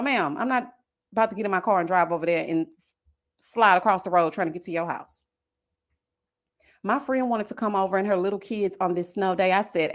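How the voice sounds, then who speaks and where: A woman in her thirties with a Southern US accent, hosting a casual livestream, chatting and reading viewer comments. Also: medium pitch. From American South. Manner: chatty and animated, slangy, talks straight to viewers. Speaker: live-stream host. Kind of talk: casual live-stream chat reading comments.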